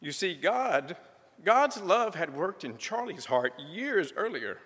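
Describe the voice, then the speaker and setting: A middle-aged man with a drawl gives a church testimony in a folksy, gently humorous way. His voice rides a bit high and moves through a wide, animated pitch range. The long reverb of a church sanctuary trails behind his words. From southern United States. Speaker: church member giving a testimony.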